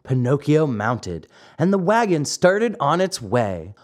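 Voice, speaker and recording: A man narrating a classic fairy tale with expressive, storytelling flair. His voice is a touch high for a man and swings widely in pitch, rising and dipping through each sentence. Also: slow pace.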